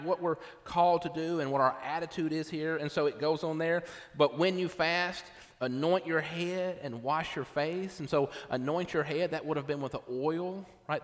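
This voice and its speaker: A man's voice: fairly high pitch, fairly bright tone. A middle-aged male pastor preaching a sermon in a casual, conversational way, often checking in with "right?". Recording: long reverb of a hall.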